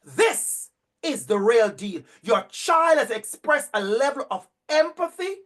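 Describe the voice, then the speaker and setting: A middle-aged male educator telling a story to an online audience over a video call, animated and emphatic, repeating phrases for effect. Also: very high-pitched, slow pace. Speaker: educator and speaker.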